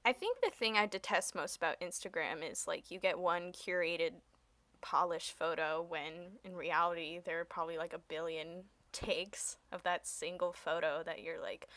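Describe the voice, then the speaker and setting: A young woman doing a self-mocking comedic monologue in a deadpan way. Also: on the low side, moderate pace, no room sound.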